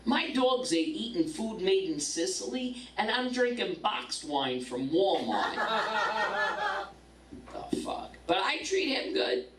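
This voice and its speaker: Brash, profane woman comic, slow and lively. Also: mid-range voice, reverberant, far from the mic, a loud crowd, poor audio. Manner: brash, profane, punchline-driven. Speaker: stand-up comedian. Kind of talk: stand-up comedy set.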